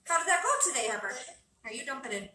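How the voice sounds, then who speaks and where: A chatty woman with a high voice talks to the camera while she cooks in her home kitchen. She sounds far from the camera and the room echoes. A steady background noise sits under her voice. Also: fast talker. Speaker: vlogger cooking at home with her kids. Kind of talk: casual cooking vlog chat.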